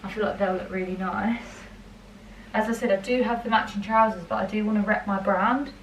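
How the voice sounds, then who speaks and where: A woman's voice: medium pitch, steady tone, brisk, distant mic, background noise. A woman talks casually to her phone camera, rambling and filling gaps with "like". She is recording in a hotel room. The sound is roomy, and she is set back from the mic. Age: 20s. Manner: chatty, rambling, lots of "like". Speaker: vlogger and brand owner. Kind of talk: casual vlog chat.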